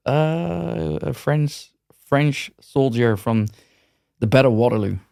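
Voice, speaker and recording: A podcast guest talks slowly in a mid-range, dark, animated voice with vocal fry, rambling loosely with frequent restarts and repeated words in a casual interview. The recording is clean, dry studio sound.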